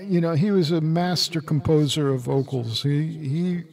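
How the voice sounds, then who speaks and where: An older man co-hosting a casual chat, rambling and halting with wry grumbles. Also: on the high side, darkish tone. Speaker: musician and podcast co-host.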